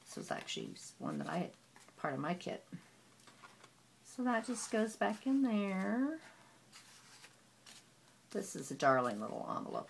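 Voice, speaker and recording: Chatty, gravelly woman showing off crafts. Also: medium pitch, huge pitch swings, slight background noise. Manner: chatty, with many "um" pauses and gushing words. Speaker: papercraft hobbyist. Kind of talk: casual show-and-tell of a handmade album.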